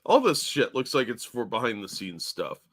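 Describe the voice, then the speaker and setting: Guy ranting on a politics stream, cusses a lot, bright sharp voice. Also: mid-range voice, very animated, moderate pace. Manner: blunt and profane, ranting. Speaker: co-host of a political talk stream. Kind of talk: casual political commentary stream.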